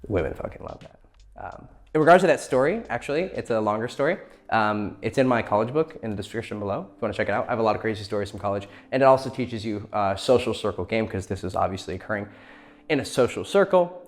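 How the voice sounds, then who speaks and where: A man's voice: fairly low pitch, expressive, quick pace. A young man giving blunt, profane dating advice in a casual vlog. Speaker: dating coach.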